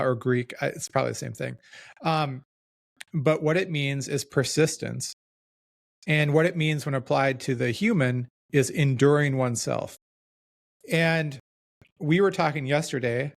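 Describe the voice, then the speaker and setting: A man with a gravelly, creaky voice at a mid pitch hosts a relaxed podcast chat. He sounds reflective and pokes fun at himself, circling back through loose restarts as he works out his thoughts. The sound is dry and close, with no room echo. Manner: reflective, self-deprecating, talks in loose restarts. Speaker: podcast host. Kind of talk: casual podcast conversation.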